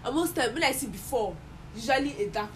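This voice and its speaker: A woman's voice: high voice, expressive, quick pace, fairly bright tone. A young woman with a Nigerian accent, telling stories animatedly and laughing in a casual chat. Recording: noisy background.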